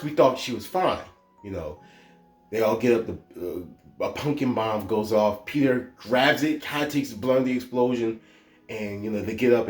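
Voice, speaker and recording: A man in a movie review vlog, excitable, swinging between hyped outbursts and a somber hush. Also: on the low side, roomy sound.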